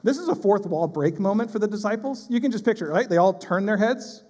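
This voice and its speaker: Male pastor, high voice, animated sermon delivery, church hall reverb. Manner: animated, acts out panicked voices, quick asides. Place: church sanctuary.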